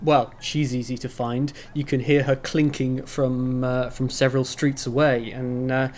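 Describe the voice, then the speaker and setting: A man narrating as game master of a tabletop game, talking in a rambling way with many pauses and restarts, over an online voice call. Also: mid-range voice, flat delivery, darkish tone, slight background noise.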